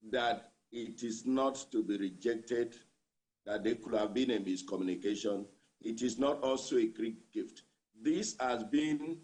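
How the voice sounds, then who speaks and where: Nigerian man, union leader, emphatic and repetitive, mid pitch, remote interview. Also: a little mellow. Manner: emphatic, repeats points for emphasis. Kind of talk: news interview guest.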